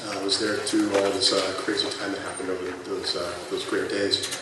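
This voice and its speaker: A man in his thirties tells chatty stories at a tribute panel, his voice filling a big, booming convention hall. He sounds distant from the mic. A noisy crowd murmurs behind him. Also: flat delivery, a little fast. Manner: chatty, lots of fillers, laughs through the punchlines. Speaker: former colleague sharing memories. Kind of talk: anecdotal storytelling at a tribute panel. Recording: echoey hall from far off, noisy room.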